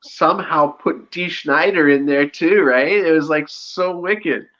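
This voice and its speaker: A man co-hosting a casual live show chat, talking excitedly and acting out scenes as he goes. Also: on the high side, a little slow, highs cut off. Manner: excitable, reenacts scenes with loud impressions. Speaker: show co-host.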